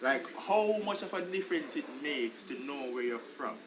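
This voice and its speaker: A man's voice: a little high, moderate pace, crowd noise, low-quality recording. A Jamaican man co-hosting a podcast, chatting in patois and calling everyone "brother". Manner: animated, lots of "brother", patois. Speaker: podcast co-host. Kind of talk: casual chat.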